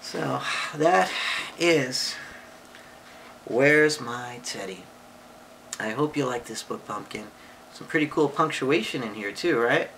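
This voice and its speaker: A woman reading a picture book aloud to a child and explaining punctuation, patient and affectionate, with sudden high excited voices for exclamations. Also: unhurried, gravelly, slight background noise, rough recording. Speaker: parent or relative reading to a child.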